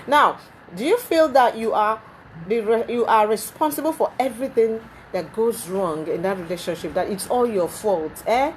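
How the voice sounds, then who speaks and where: A woman's voice: mid-range voice, slight background noise. Emphatic woman talk show host. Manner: emphatic, animated, repeats herself. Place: TV studio.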